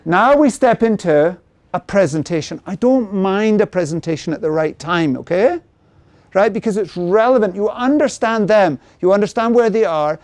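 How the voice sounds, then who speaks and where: A middle-aged man presenting a sales workshop who keeps checking in with the audience through quick tag questions. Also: sits high, animated, a little mellow, no room sound. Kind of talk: interactive seminar talk.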